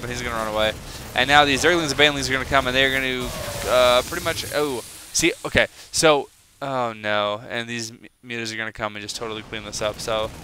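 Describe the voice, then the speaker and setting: A young man giving casual, rambling solo commentary on a video game match, chatty and excitable, with many fillers. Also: medium pitch, background noise.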